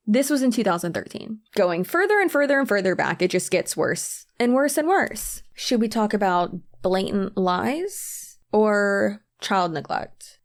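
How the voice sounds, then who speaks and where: A woman with a mid-range voice delivers blunt, emphatic commentary straight to camera. Her tone is indignant and direct, with casual phrasing throughout. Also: medium pitch. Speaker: commentary video host.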